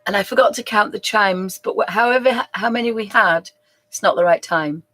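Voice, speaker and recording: A woman's voice: mid-range voice, brisk, a bit bright. A middle-aged woman hosting a live crafts stream, chatting in a rambling, friendly way and breaking off to apologise. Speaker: host of a live crafts show. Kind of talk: casual live-stream chat.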